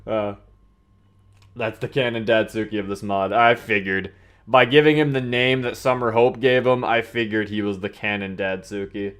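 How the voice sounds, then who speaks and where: A man on a live stream reading a game story aloud, breaking off for animated reactions and frequent laughter. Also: on the low side, moderate pace, clear, resonant tone.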